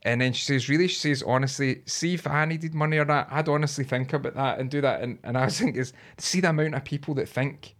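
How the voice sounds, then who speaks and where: A man's voice: mid-range voice, fast, few pauses, a bit bright. Sweary rambling Scottish man. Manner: sweary, rambling, laughs often. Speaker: podcast co-host. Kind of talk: casual podcast chat.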